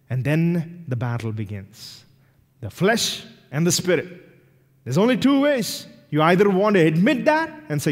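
A male pastor preaching a sermon with animated delivery, acting out little quoted voices as he goes. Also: high-pitched, moderate pace. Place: church sanctuary. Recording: long hall reverb in a church.

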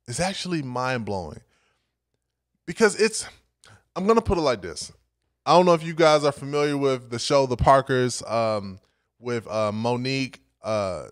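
A man preaching to young adults, reading scripture and telling stories in a conversational, energetic way. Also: medium pitch, no echo, clean studio sound. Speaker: young adult ministry speaker.

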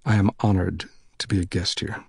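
A man reading as a stately older rabbi, every word weighed and spoken softly with grave courtesy. The voice sits low and a little husky, close and dry. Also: fairly even intonation, no echo, full character voice. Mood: gracious, measured. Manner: soft, measured, deliberate speech. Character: tall, severe, gracious older male rabbi.

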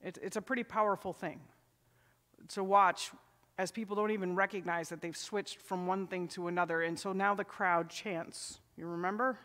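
A man's voice: high voice, fairly even intonation, moderate pace, sharp tone. A middle-aged male pastor preaching a sermon in a church sanctuary, talking conversationally and asking the congregation questions. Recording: long church reverb.

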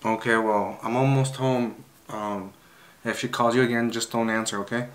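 A man's voice: medium pitch, steady tone, normal speed. Man on a casual call, switching languages. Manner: code-switching between English and Spanish. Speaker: vlogger playing along with a prank.

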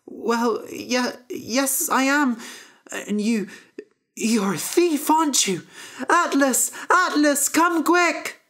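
A woman voicing a frightened, indignant magic talking harp with a young girl's face, in a shrill and panicky voice. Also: slow, a bit bright.

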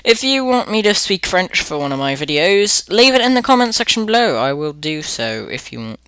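A man's voice: high voice, big pitch swings, normal speed, sharp tone, smooth, no echo. Guy rambling over gameplay, lots of ums, doing some fake accent, voice jumps all over. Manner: rambling, many fillers, putting on an unnamed accent. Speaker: gaming channel host. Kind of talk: casual gameplay commentary.

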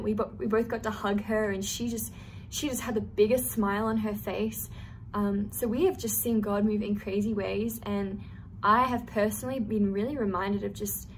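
A woman's voice: mid-range voice, a little hiss or hum. Earnest young woman sharing a testimony. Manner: earnest, storytelling, many fillers. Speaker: youth testimony speaker. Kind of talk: personal testimony.

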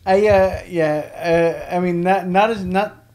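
A man on a comedy podcast with a slightly higher voice. He tells stories in loose, rambling runs, stacking fillers and restarts as he goes. He sounds casual and conversational throughout. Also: slow, darkish tone. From Houston area, Texas. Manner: rambling storyteller, heavy on "like" and restarts.

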